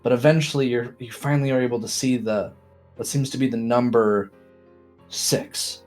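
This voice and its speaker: A man's voice: medium pitch, fairly even intonation, moderate pace, a little mellow, soft background music. Suspenseful tabletop game storyteller, man. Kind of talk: narrating a tabletop role-playing game.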